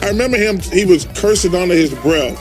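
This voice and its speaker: A man's voice: sits high, expressive, a little fast, soft background music. A man telling an amusing court anecdote, quoting the exchange back and forth. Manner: laughing storyteller, quoting dialogue.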